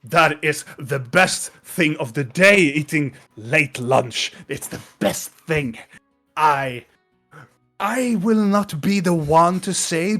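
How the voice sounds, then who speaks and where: A man voicing a huge, boisterous male innkeeper who laughs and shouts jovially. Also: fairly high pitch.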